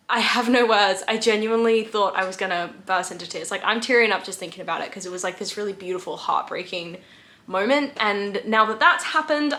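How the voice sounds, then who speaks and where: A woman's voice: mid-range voice, a bit bright. A woman book vlogger talking casually to camera at home, gushing and emotional, teary and stumbling over her words. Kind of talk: casual vlog chat to camera. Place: at home indoors, windy outside.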